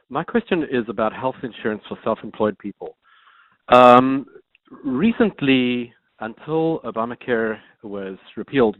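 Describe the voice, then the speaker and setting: A man from Virginia calling in to a town hall, politely asking a measured question with some filler ums. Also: mid-range voice. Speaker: caller. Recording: dry phone line.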